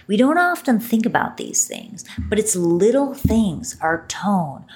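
A woman's voice: medium pitch, sing-song, measured pace, few pauses, a little mellow. A woman hosting a solo podcast, talking expressively and playfully and drawing out words for emphasis. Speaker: podcast host.

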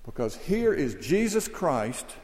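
A man preaching an expository sermon with earnest conviction, climbing to emphatic peaks and then sinking low and quiet. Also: sing-song, slow pace, big-room sound.

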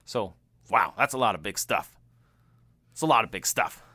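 A man co-hosting a casual podcast chat, animated and often laughing, acting out the people he tells about. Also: fairly low pitch, moderate pace, no room sound, clean studio sound. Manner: animated, laughing, acts out quoted voices. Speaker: podcast co-host.

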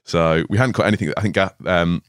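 A deep-voiced young man in his twenties talks at a quick pace, telling laid-back stories as a podcast guest while swearing often and laughing. The podcast studio sound is clean, with no echo.

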